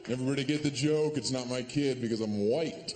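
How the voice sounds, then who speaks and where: A man performing a stand-up comedy set on a stage, sarcastic and deadpan, with sudden loud put-on voices. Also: medium pitch, a little fast, in a large hall. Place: comedy stage before a live audience. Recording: live stage recording with audience noise.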